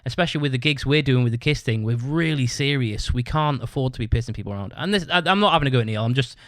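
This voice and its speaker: A young man with a British accent tells a long, rambling story on his podcast, swearing a lot and breaking into laughter. His voice sits at a middle pitch, and the recording is close and dry with no room sound. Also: expressive, fast, a bit bright, dry recording. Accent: British English. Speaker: podcast host. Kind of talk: casual storytelling monologue.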